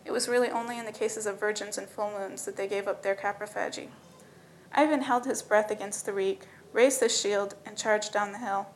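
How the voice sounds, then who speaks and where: A woman narrating a story in a steady, matter-of-fact reading voice. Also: mid-range voice, a little fast, slight background noise, poor audio.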